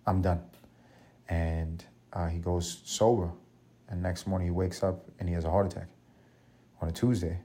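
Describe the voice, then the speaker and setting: A man's voice: low-pitched, level tone, normal speed, mellow, slightly rough. A man hosting a solo podcast, telling rambling, profane, joking stories in casual talk. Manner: rambling, profane, jokey storytelling. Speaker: podcast host.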